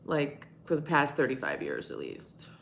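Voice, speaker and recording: Low-voiced middle-aged woman chatting frankly. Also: very animated, normal speed, vocal fry, fairly bright tone, slight background noise. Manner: candid, rambling, swears freely. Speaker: livestream host answering chat. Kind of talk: casual live-stream chat.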